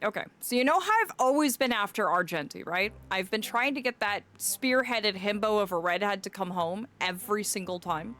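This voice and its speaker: A woman streaming a game, chatting casually in an animated, rambling and playful way. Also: mid-range voice, normal speed, hardly any pauses. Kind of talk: casual gameplay commentary.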